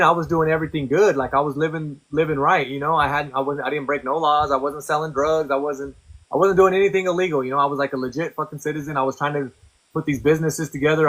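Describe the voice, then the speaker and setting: A man's voice: fairly high pitch, fast, a bit bright, rough recording. A man guest on a podcast, bluntly and profanely recounting a personal story in casual conversation.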